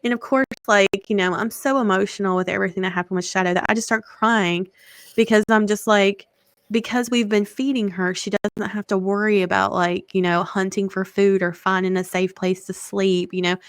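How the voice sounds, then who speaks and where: A woman's voice: medium pitch, steady tone, normal speed, clear, resonant tone, dry recording. A woman in her thirties chatting casually, talkative, laughing often and swearing freely. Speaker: podcast co-host. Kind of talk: casual chat.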